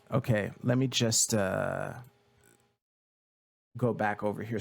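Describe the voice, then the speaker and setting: A man's voice: mid-range voice, vocal fry. A young man from Quebec giving casual TV commentary, rambling loosely with many fillers and offhand swearing. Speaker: video creator.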